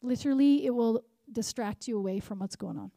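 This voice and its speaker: A woman preaching at a conference, animated, repeating key lines and asking the crowd questions. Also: fairly high pitch, fairly quick, dry recording, clean studio sound. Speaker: conference speaker. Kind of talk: sermon.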